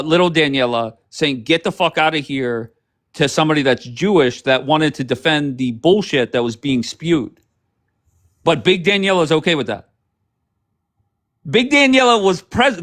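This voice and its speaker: Hosting a livestream, a man with a slightly high, fairly bright voice rants over clips in a heated, sarcastic way, swearing plenty.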